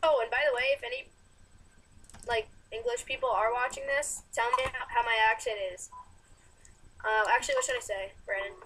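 A woman's voice: fairly high pitch, steady tone, fairly quick, pauses often, a bit bright. A young woman co-playing a video game, chatting, laughing and calling out the action. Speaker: co-player. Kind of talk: casual gameplay commentary.

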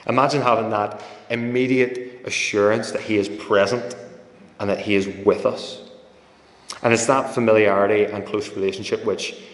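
A man delivers a sermon in a relaxed, conversational way, slipping into stories and acting out quoted voices. His voice sits low, and the church hall around him rings with a long, roomy echo. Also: moderate pace. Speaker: preacher. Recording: echoey hall with long reverb.

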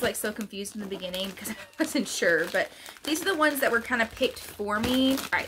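A woman's voice: sits high, fairly bright tone, slight background noise. A woman vlogger chatting casually through an unboxing, gushing and laughing often.

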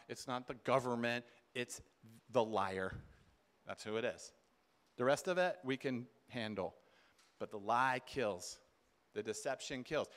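A man's voice: a little high, fairly bright tone. A man giving an emphatic sermon at a conference, acting out quoted voices in bursts. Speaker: conference speaker. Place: conference hall.

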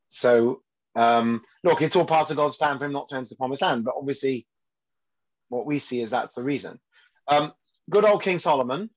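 Speaking with a husky, medium-pitched voice full of vocal fry, a man gives a relaxed weekly Torah lesson as a rabbi, frequently checking in with those listening. Dull lo-fi audio.

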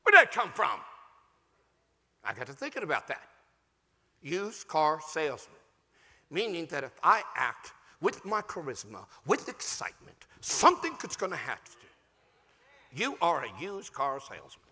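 A man preaching a sermon as a pastor, with a fervent, emphatic delivery that rises to shouts. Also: on the high side, wildly swooping pitch, unhurried, long pauses, husky, in a large hall. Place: large church sanctuary.

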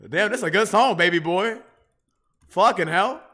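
A man's voice: high-pitched, bright, forceful tone. A man streaming a game, tipsy from drinking and talking to his chat in a rowdy, profane way. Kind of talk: casual gaming livestream chat.

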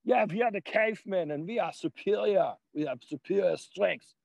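A man voicing a boastful, brutish male caveman, speaking loud and slow. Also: high voice, gravelly, no echo, pitched above the performer's own voice.

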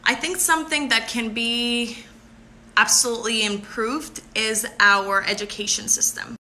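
Very bright bubbly young woman. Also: fairly high pitch, steady tone. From Puerto Rico. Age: 20s. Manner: bubbly and effusive, quick to thank and laugh. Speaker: beauty pageant contestant. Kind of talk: live stream answering viewer comments.

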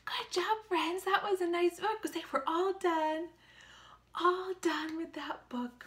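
High, slow, sing-song woman reading to children. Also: slight background noise. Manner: sing-song, animated, asks children questions. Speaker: children's librarian. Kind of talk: children's story time reading with sign language. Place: small room.

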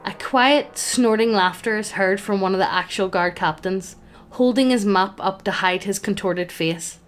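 A woman's voice: medium pitch, moderate pace, faint music behind. A woman acting as game master, narrating a tabletop game in a playful, amused way.

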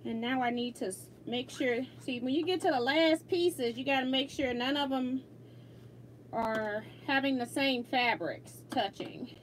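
A high-voiced woman chats casually while she sews on a livestream, laughing easily and reading out viewer comments. Faint room ambience sits behind her voice, picked up by a simple streaming mic. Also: unhurried, a little hiss or hum. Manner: chatty, laughs often, reads viewer comments aloud. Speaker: quilting livestream host.

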